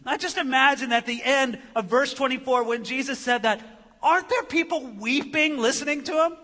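A man's voice: extremely high pitch, normal speed, sharp tone. A man preaching a sermon, retelling a story with dramatic flair and acting out the characters' voices. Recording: long reverb of a large hall.

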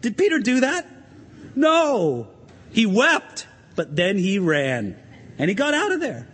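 A pastor preaching an animated sermon in a church, asking the congregation questions and swinging his emphasis up and down. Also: sits high, slow, slightly rough, big-room sound.

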